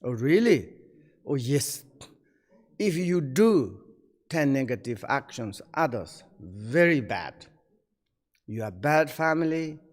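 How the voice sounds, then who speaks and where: A man with a Tibetan accent gives a Buddhist teaching in halting English. He asks rhetorical questions and answers them himself. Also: medium pitch, darkish tone, long reverb tail.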